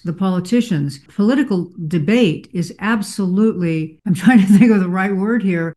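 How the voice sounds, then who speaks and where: A woman's voice: mid-range voice, mellow. A woman guest answering interview questions in an earnest, explanatory way, sometimes stopping to search for the right word. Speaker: guest expert.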